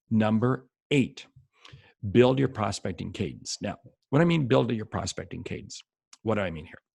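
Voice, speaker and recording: A man's voice: mid-range voice, creaky, a little mellow, husky, dry recording. A man giving a motivational sales coaching talk straight to the viewer, driving points home by repeating them with emphasis. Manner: emphatic, repeats key phrases for stress; speaks directly to the viewer. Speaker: sales trainer.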